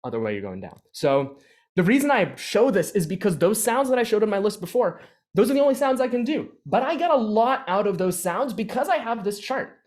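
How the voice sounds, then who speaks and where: Energetic, chatty man teaching beatboxing. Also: high voice, fairly quick. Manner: energetic and chatty, with many fillers and restarts. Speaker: beatboxing workshop instructor. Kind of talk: casual teaching. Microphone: own microphone with adjustable gain.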